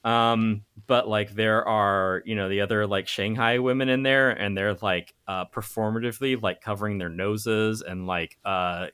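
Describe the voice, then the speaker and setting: Man co-host, bright forceful tone, dry wry humor, casual podcast chat. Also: lowish voice, fairly even intonation, moderate pace, hardly any pauses, smooth. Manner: wry, laughing, dry jokes. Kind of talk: casual movie-review chat.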